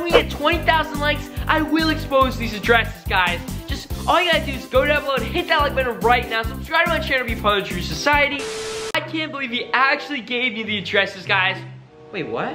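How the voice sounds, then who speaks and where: A man's voice: very high voice, expressive, normal speed, over music. A young man vlogging in a dramatic, exclaiming way, full of slang. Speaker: YouTube creator. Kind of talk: excitable reaction vlog.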